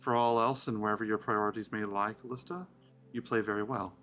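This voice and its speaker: A man's voice: lowish voice, fairly even intonation, soft background music, voice pushed down, close to an everyday voice. Valis, a man voicing a composed regal queen. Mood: cool, regal. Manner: slow, formal, quietly superior. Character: regal composed queen, woman, cool and measured.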